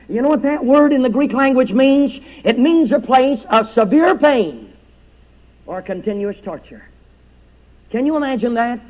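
High-voiced preacher in a dramatic sermon. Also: male voice. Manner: dramatic, swings from hushed to loud. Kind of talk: revival sermon. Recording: dull lo-fi recording.

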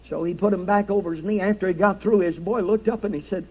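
A man's voice: sits high, steady tone, fast, a little mellow, breathy edge, muffled recording. A man preaching a sermon in a church, reciting scripture with an emphatic preaching cadence. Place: church sanctuary.

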